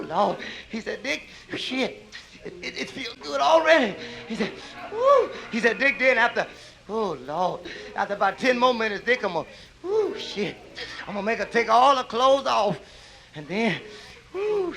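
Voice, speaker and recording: On a nightclub stage, a middle-aged stand-up comedian tells raunchy stories in a very high-pitched, creaky, pushed and bright voice. A drawling storyteller, he acts out characters with whoops and laughs. The live club album recording has poor audio and slight background noise.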